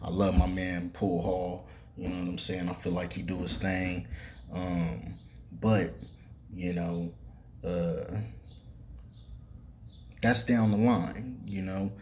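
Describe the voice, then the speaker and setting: Male podcast host, lowish voice, loose profane sports rant, lots of fillers. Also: little pitch movement, takes it slowly, pauses often, darkish tone, slight background noise. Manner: loose, profane, heavy fillers, talks straight to players. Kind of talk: casual sports commentary monologue.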